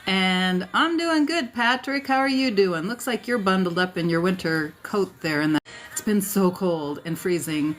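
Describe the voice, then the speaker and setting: Speaking at a moderate pace and medium pitch, a woman from South Dakota chats casually on her livestream, calling out viewers by name amid fillers and asides. End-of-day tiredness shows, and music plays faintly underneath.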